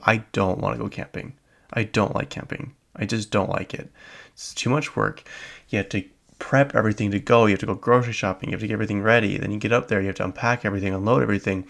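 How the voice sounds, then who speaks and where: A man's voice: lowish voice, steady tone, quick pace, creaky, fairly bright tone. A young adult man hosting a solo podcast, chatting casually and rambling with lots of filler words and small laughs. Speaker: podcast host.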